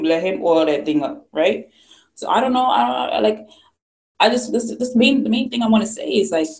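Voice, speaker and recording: Woman vlogger, mid-pitched, ranting and emphatic, lots of rhetorical questions, roomy echo. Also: a little mellow. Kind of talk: ranting commentary. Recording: echoey room.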